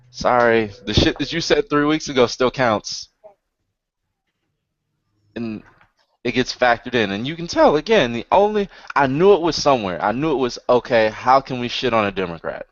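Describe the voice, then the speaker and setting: A man's voice: medium pitch, animated, measured pace, pauses often, dry recording, muffled recording. A man co-hosting a casual podcast chat, riffing sarcastically and swearing freely. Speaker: podcast co-host.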